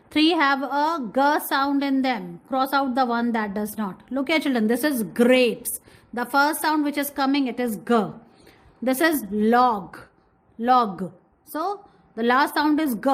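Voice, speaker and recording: A woman with a fairly high voice leads a kindergarten lesson. She draws out each letter sound slowly and keeps repeating words. She calls out to the children often, guiding them step by step. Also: rough recording. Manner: slow, drawn-out phonics sounds. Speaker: kindergarten teacher. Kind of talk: classroom lesson.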